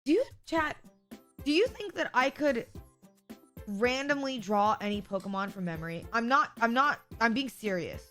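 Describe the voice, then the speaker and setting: Woman streamer, giggly and sarcastic, rambles to chat, slightly higher voice, faint music underneath. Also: expressive, moderate pace, a bit bright. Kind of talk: casual live-stream chat.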